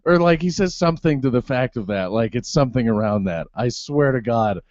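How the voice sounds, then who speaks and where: A man's voice: mid-range voice, fairly quick, no room sound, highs cut off. A man co-hosting a podcast in casual chat, rambling and laughing often. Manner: giggly, rambling, animated. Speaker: podcast co-host.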